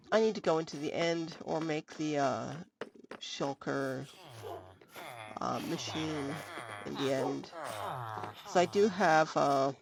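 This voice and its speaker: A woman streamer talks through her game in a gravelly voice that swings up and down. She chats on casually and thinks aloud as she sorts her items. A loud background noise runs under the desk microphone. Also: low-pitched. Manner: chatty, thinking aloud while sorting items. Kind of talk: casual gameplay commentary.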